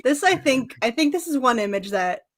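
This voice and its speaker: A woman's voice: high-pitched, expressive, normal speed, a bit bright. A woman co-hosting a casual chat show, animatedly recapping a comic story, swearing and laughing often as she acts out the characters. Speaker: podcast co-host recapping a comic.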